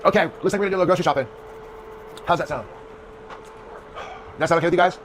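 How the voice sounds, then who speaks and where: A man's voice: on the high side, racing, a bit bright, a little hiss or hum. A man co-hosting a casual vlog, chatting upbeat to viewers. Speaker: co-host.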